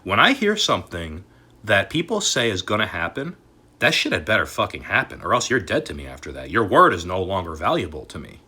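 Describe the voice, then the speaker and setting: A man delivers an angry, cursing vlog rant, his pitch leaping wildly between shouted outbursts and low, grumbling asides. His voice is bright and forceful, with a husky, raspy edge. The talk is a loose monologue that keeps circling back to his frustrations. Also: sing-song, fairly quick. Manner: angry and swearing, swings from shouting to muttering. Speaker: crypto and collectibles YouTuber. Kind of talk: profane ranting vlog.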